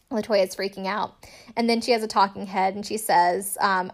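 A woman's voice: mid-range voice, fairly even intonation, normal speed. Young woman host, loose recap chat, sarcastic asides, lots of filler "like". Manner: chatty, sarcastic, lots of "like" and laughs. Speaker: podcast host recapping a TV show.

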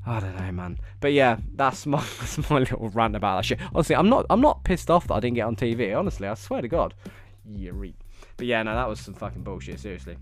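A man's voice: fairly low pitch, lively intonation, quick pace, faint music behind. A man telling rambling, sweary stories in a casual monologue, often laughing.

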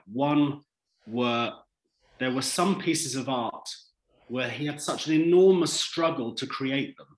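A man who co-wrote a drama series, answering interview questions in an animated, thoughtful way. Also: medium pitch, roomy sound, poor audio. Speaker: series writer.

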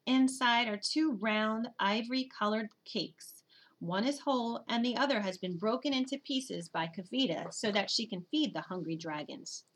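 A woman giving expressive, steady first-person narration of a children's storybook. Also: fairly high pitch, normal speed. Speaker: audiobook narrator.

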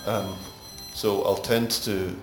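Low-voiced Glaswegian man, roomy echo. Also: slow pace. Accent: Glaswegian Scottish. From Scotland. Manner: rambling anecdotes, gets animated telling stories. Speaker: actor guest. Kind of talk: casual interview chat. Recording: roomy echo, music behind.

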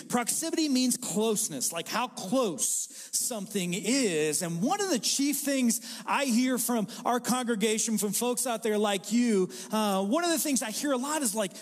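A man's voice: extremely high pitch, normal speed, few pauses, big-room sound. A pastor in his forties preaching a sermon to a live congregation in a conversational, joking way. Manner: conversational and joking, with animated impressions. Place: church hall with a live congregation.

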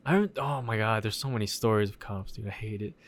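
A man's voice: fairly low pitch, quick pace, no room sound. Young man telling stories, casual. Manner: animated storytelling, swears a lot, acts out quotes. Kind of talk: casual chat.

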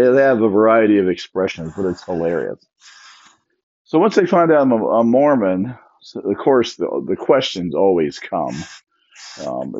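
A man's voice: low voice, a little mellow, husky. A man talking casually on his own, sleepy and yawning, rambling with restarts as he tells his thoughts. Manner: rambling, chatty, with self-interrupting restarts. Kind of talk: casual solo monologue. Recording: dull lo-fi recording.

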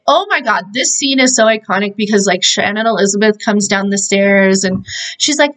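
A woman's voice: a little high, expressive, moderate pace, a bit bright, poor audio. Chatty young woman recapping a movie. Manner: chatty, full of "like" fillers, laughing asides. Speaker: podcast host.

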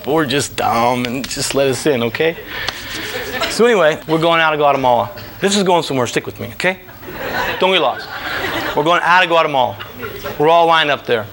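A man telling a comic travel anecdote, animated, with laughing asides. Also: a little high, noisy background. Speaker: storyteller.

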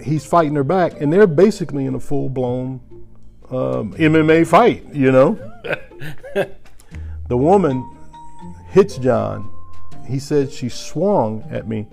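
A man casually telling a story to a listener, animated and chuckling, getting louder at the tense moments. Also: mid-range voice, slow pace, gravelly, long pauses, soft background music.

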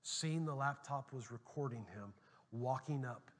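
A middle-aged man preaching a sermon as pastor, telling a story animatedly, dropping to a hush and then rising loud. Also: medium pitch, measured pace. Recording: long hall reverb.

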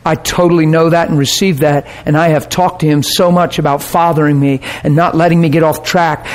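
A man preaching, telling a personal story in an animated way and dropping to a soft voice for quoted words. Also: on the high side. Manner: animated storyteller, acts out quoted voices, laughs and gets emotional. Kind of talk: sermon storytelling.

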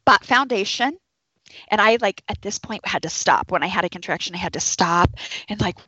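A woman's voice: medium pitch, normal speed, breathy edge, no echo, poor audio. A woman who works as a labor and delivery nurse, telling a personal story to an audience and acting out the voices of people in it. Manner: animated, acts out quoted voices.

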